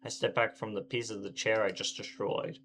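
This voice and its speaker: A man's voice: fairly low pitch, level tone, moderate pace, fairly bright tone, slight background noise. A man reading as Shiki, an irritable teenage boy. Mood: confused. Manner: brooding first-person reading, grumbling. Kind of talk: reading a visual novel aloud.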